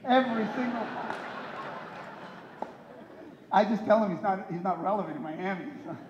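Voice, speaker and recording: A man's voice: high voice, moderate pace, roomy sound, in a large hall, highs cut off, noisy background. A man hosting a breakfast event as emcee, introducing the head table with playful teasing jokes. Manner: playful, teasing, punchline timing. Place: hotel ballroom event.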